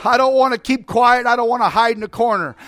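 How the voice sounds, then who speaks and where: High-voiced fervent preacher man. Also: fast, faint music behind. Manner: fervent, exhorting congregation, shouting into song; preaching with urgent repetition. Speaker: pastor. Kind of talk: sermon. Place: church sanctuary.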